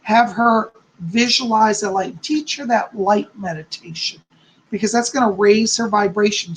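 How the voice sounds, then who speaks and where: A man hosting a live stream, reading viewers' comments aloud and answering them with gentle, reassuring psychic readings. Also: high-pitched, poor audio. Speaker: psychic host.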